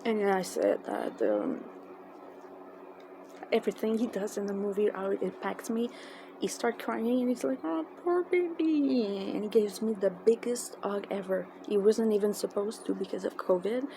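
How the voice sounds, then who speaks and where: A woman with a tells an emotional personal story in a halting, casual way, with many fillers and restarts. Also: medium pitch, gravelly. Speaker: fan telling a personal story. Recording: noisy background.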